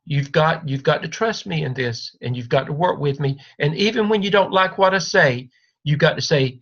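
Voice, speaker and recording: A man mentors a doctoral student privately by video call, reassuring and coaching through repetition. His voice sits a little high with a fairly bright tone and a moderate pace, and the call audio is dull and lo-fi.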